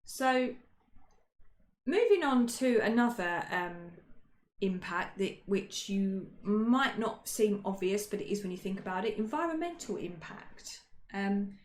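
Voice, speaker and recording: A woman's voice: mid-range voice, animated, measured pace. A woman co-hosting a casual history podcast, chatty and jokey, with many ums and self-corrections. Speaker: podcast co-host. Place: indoor room, shared with co-host. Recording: roomy echo.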